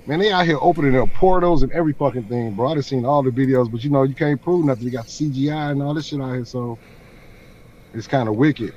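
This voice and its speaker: A man's voice: mid-range voice, quick pace, a little mellow, highs cut off. A man hosting a YouTube channel, chatting casually with a friend and often repeating words and restarting sentences. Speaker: YouTube host. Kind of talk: casual chat.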